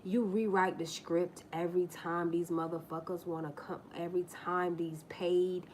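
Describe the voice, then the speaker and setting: A woman's voice: on the low side, flat delivery, normal speed, darkish tone, a little hiss or hum. A woman hosting a livestream, ranting in a blunt, profane and mocking way as she tells a story, often repeating herself and restarting lines. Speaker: livestream host. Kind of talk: casual livestream rant.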